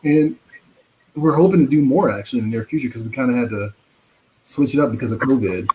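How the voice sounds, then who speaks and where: A man chatting and laughing as a panelist in a casual online game night, lively in his banter. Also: mid-range voice, fast talker, noisy background. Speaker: show co-host and panelist. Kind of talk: casual game chat over video call.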